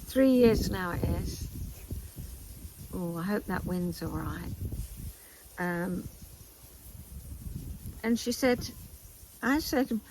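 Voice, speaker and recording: An older woman hosting a knitting vlog, chatting in a meandering way with asides and pauses, outdoors in a garden. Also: mid-range voice, expressive, noisy background. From England. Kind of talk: casual chat to camera.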